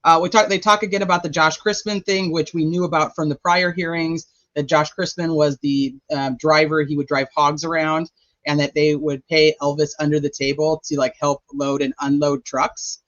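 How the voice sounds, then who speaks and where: Chatty man with a higher voice. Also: little pitch movement, normal speed, a bit bright, no room sound, highs cut off. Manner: chatty, rambling, thinking aloud while checking notes. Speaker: true crime channel host. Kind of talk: casual livestream commentary.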